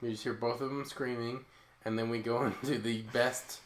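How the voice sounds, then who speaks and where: A podcast co-host in a casual movie recap chat, animated and often acting out scenes in quoted voices. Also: medium pitch, moderate pace, roomy sound, a little hiss or hum, low-quality recording.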